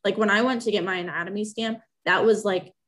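A young woman in an easygoing chat, telling a personal story with lively feeling. She acts out the things people said to her, her voice sitting at an ordinary middle pitch. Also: fairly quick. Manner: animated, acts out remembered exchanges. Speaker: guest sharing a personal story. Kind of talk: casual conversational storytelling.

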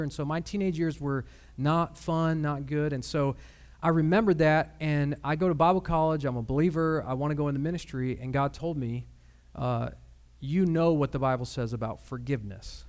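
A man preaching a sermon with personal testimony, earnest and measured, with pauses and fillers. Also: fairly high pitch, darkish tone. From Michigan.

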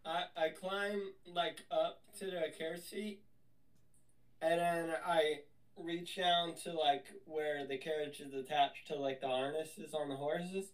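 This is a player at a tabletop game who talks slowly and in halting bits. The voice sounds set back from the microphone, and it stays casual. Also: mid-range voice, steady tone, distant mic. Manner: halting, hesitant.

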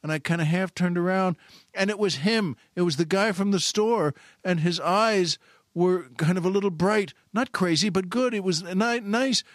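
A man spins a personal anecdote in a loose, rambling way, often stopping short and restarting his sentences. His voice sits a little high for a man. The recording is close and dry. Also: no room sound. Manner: repetitive, halting, self-correcting. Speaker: storyteller.

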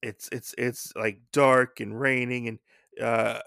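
Gravelly man rambling through a comic recap. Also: medium pitch, little pitch movement, takes it slowly, pushed and bright, no echo, clean studio sound. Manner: rambling, many fillers and restarts. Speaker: podcast host. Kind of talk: casual comic book recap.

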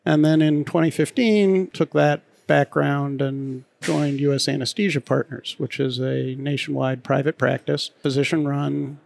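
A man with a gravelly voice in a fairly high register talks about his work in a relaxed, wry way. He pokes fun at himself as he goes. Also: a little slow, few pauses, slight background noise. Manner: relaxed and wry, self-deprecating. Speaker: guest, physician executive. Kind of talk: casual interview.

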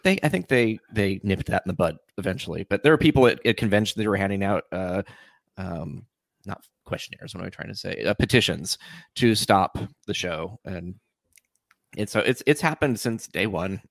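A man co-hosting a podcast in casual chat, halting and joking, laughing often. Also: low voice, animated, gravelly, no room sound. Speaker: podcast co-host.

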